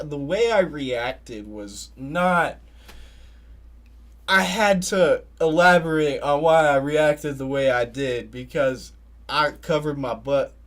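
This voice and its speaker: A young adult man hosting a podcast, telling rambling stories in casual livestream chat and laughing often. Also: medium pitch. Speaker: podcast host.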